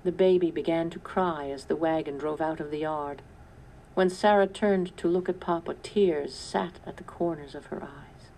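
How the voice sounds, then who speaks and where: A woman reading a storybook aloud in calm, measured narration. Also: deep voice, slight background noise, low-quality recording. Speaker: storybook reader. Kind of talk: scripted narration.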